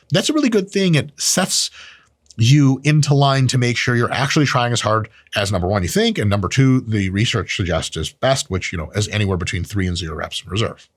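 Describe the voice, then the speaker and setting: A man giving a casual, animated training explanation, full of swearing and jokes. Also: medium pitch, brisk, no echo, clean studio sound. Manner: animated, profane, jokey. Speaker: strength training educator.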